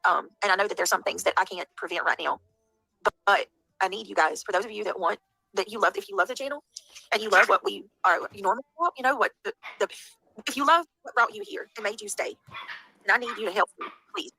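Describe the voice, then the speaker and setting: A woman, pleading haltingly with her viewers. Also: medium pitch, creaky, sharp tone, breathy edge, dry recording, poor audio. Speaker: livestreamer.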